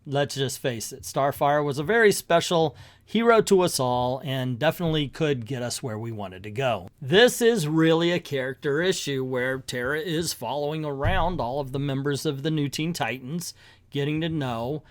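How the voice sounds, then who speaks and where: A man's voice: a little high, expressive, moderate pace. A man chatting casually through a comic book review, making jokey asides to his viewers.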